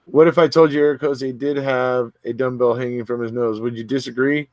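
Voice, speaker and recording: This livestream host reads viewer comments aloud and answers in a chatty manner, often starting over and filling gaps with filler words. His medium-pitched, slightly mellow voice moves fairly quickly with fairly even intonation, and there's no echo.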